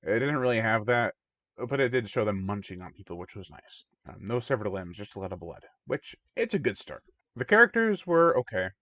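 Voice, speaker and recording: A man hosting his own channel gives a rambling, chatty film review, often slipping into mock voices for the characters. His lowish voice is very animated, brisk, bright, and forceful. The recording is dull, lo-fi, and dry.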